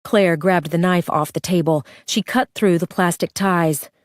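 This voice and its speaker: A woman's voice: on the low side, unhurried, no echo, clean studio sound. Woman narrating a tense thriller. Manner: tense, urgent dramatic reading. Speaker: audiobook narrator.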